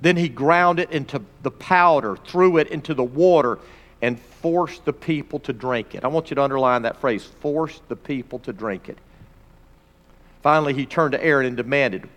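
A man teaching a Bible lesson, reading scripture dramatically with pauses and stopping to point out phrases. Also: fairly high pitch, lively intonation, a bit bright. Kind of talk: expository sermon reading scripture. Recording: long reverb of a large hall.

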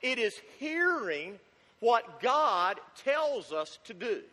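A man's voice: extremely high pitch, big pitch swings, slow, pushed and bright. A male pastor preaching a sermon in an emphatic, repetitive style, posing rhetorical questions to the congregation. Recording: long hall reverb.

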